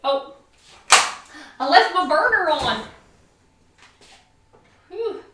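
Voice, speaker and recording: A woman's voice: high-pitched, sing-song, extremely slow, reverberant, background noise. A woman hosting a casual cooking vlog, gushing and sing-song as she talks to viewers from her home kitchen. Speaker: cooking show host.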